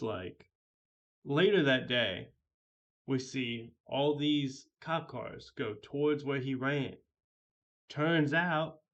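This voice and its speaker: A man's voice: mid-range voice, highs cut off. A man telling a story in a casual vlog, rambling and heavily profane with many fillers. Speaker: vlogger.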